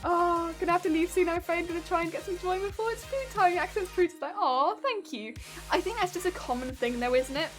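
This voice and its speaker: A woman's voice: very high voice, fast talker, hardly any pauses. A woman streamer chatting casually and rambling while she crafts, often repeating words. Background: faint background music.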